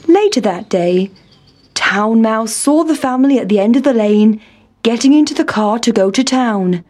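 A woman reading a children's storybook aloud in a gentle, expressive way. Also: fairly high pitch, moderate pace.

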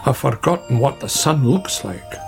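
A gruff, sensible badger from a storybook, as a man voices him, grumbling in a gravelly, steady tone. Light music plays behind him. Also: medium pitch, normal speed.

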